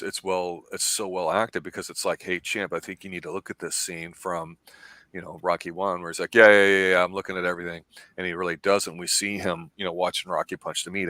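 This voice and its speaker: A man's voice: sits low, no room sound. A middle-aged man hosting a movie show, chatting casually and at length about a film and acting out its lines. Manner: rambling, animated, acts out film lines.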